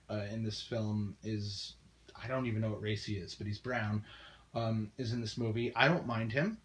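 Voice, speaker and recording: Low-voiced man ranting bluntly. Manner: blunt, profane ranting with frequent fillers. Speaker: film reviewer. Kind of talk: casual spoken film review.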